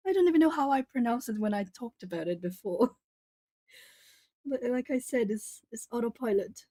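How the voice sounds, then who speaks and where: A woman's voice: fairly high pitch, animated, normal speed, mellow, no room sound. A young woman chatting casually with viewers and reading their comments aloud; she laughs often and repeats or restarts words. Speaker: art channel host.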